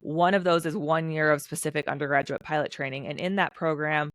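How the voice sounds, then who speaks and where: A former fighter pilot from the United States, a woman in her thirties, chats as a guest in a casual podcast interview. Her low-pitched voice, on a dry recording, comes in quick bursts as she tells stories animatedly and acts out quotes.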